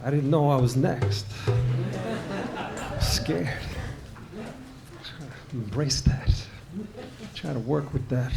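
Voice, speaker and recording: A man's voice: mid-range voice, extremely slow, creaky, pauses often. A man giving a live literary reading in a bookshop room, with hesitant, self-deprecating asides. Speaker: reader. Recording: live reading over guitar music.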